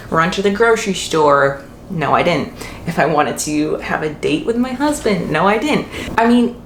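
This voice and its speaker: A young woman answering viewer questions in a casual vlog, talking in a chatty way with lots of fillers and self-corrections. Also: on the low side. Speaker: mom vlogger. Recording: echoey room with faint hiss.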